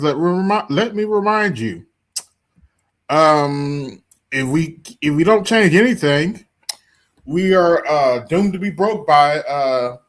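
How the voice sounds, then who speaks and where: A man's voice: on the high side, a bit bright. A man hosting a livestream, talking emphatically and repeating his points straight to his audience. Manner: emphatic, repetitive, addresses audience directly. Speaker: streamer host. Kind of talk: casual commentary livestream.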